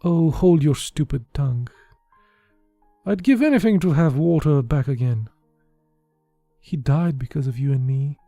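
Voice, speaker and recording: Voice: medium pitch, lively intonation, unhurried, pauses often, mellow, dry recording, studio quality, faint music behind. A reader voicing a grieving young woman in an audiobook, pleading and tearful. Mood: anguished. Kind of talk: audiobook dialogue.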